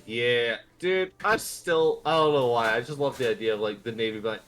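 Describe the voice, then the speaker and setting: A man's voice: mid-range voice, moderate pace, hardly any pauses, fairly bright tone. A man playing a tabletop game, joking casually with lots of swearing and exasperation. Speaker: player.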